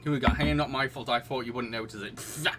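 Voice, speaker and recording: A fast-talking quiz host with a medium-pitched, steady voice reads out questions and options on a livestream, chatting and giggling with his audience between laughs. The background is noisy.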